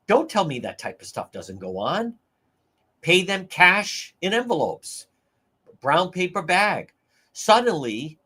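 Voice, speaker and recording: A man's voice: fairly high pitch, a bit bright. A man hosting a livestream talk show, ranting incredulously through opinionated news commentary and addressing viewers as folks.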